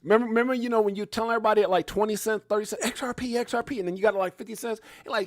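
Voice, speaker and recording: A man's voice: sits high, racing, few pauses, no room sound, studio quality. Hyped-up man hosting a crypto stream. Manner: excitable, hyped, swings between loud outbursts and mumbled asides. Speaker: crypto livestream host. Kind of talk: animated casual livestream commentary.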